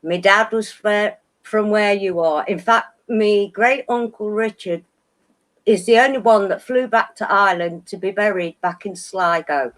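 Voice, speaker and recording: A woman's voice: medium pitch, unhurried, fairly bright tone. An older woman with a Derbyshire accent, co-hosting a casual live chat and laughing often, on a video call. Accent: Northern English, Derbyshire. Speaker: co-host.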